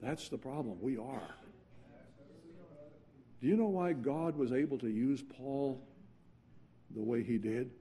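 A man preaching a sermon earnestly, dropping to quiet intensity and then rising into urgent passages. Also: mid-range voice, slow pace, long pauses, husky.

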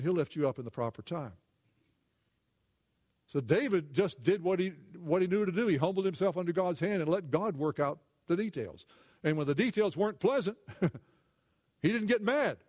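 Man preaching, sermon, earnest, repeats himself, fairly high voice. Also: a little mellow. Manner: earnest, repeats words, rises when retelling and drops low for asides.

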